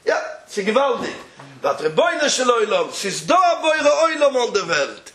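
A man with a very high voice and a strong Yiddish accent tells a rabbinic tale in an animated, chuckling way. His English is sprinkled with Yiddish and Hebrew words, and the room around him is echoey. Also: moderate pace. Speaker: storyteller.

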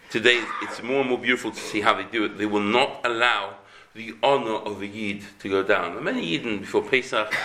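A man gives a Torah class, his voice bright and forceful. He teaches with emphasis, often jumping up in pitch to drive a point home. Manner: animated, emphatic, with sudden rises in pitch.

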